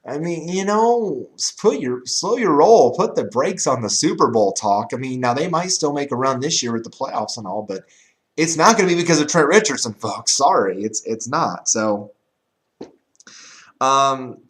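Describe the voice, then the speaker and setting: Brief: male vlogger, mid-pitched, rambling and laughing, recorded in a roomy, echoey room. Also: lively intonation, normal speed. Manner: rambling, repeats words, laughs often. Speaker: fantasy football vlogger. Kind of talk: casual season recap vlog.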